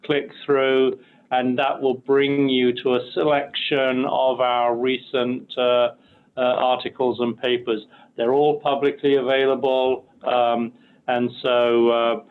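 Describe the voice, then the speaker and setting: A man with a British accent, a podcast guest, speaking in a measured way with many ums. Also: medium pitch. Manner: measured, with frequent ums and uhs. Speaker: podcast guest, energy industry researcher. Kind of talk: casual interview. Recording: tinny phone-like line.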